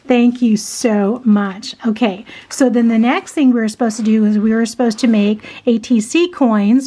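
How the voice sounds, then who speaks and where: A woman chatting casually to her viewers as she unboxes craft mail, gushing and excited, with frequent gasps and exclamations. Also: on the high side. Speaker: craft vlogger.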